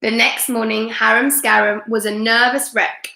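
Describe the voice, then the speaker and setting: A woman teacher reading a picture book aloud live for children, slow and expressive, asking her listeners questions. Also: a little high, vocal fry. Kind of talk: live read-aloud story time. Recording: echoey room.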